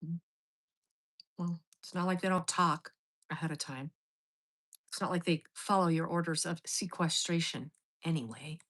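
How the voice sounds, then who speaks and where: A woman's voice: lowish voice, steady tone, normal speed, long pauses, fairly bright tone, low-quality recording. A middle-aged woman telling a story in a casual monologue, blunt and profane. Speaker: host.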